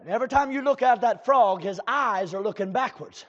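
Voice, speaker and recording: High-voiced preacher, fiery sermon. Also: male voice, animated, brisk. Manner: shouting bursts, drawled asides, calls to the congregation. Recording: dull lo-fi church recording.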